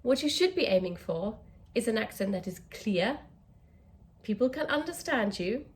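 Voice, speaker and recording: A woman's voice: on the high side, sing-song, normal speed. A woman with an English accent, a communication coach teaching to camera, stretching out key words for emphasis.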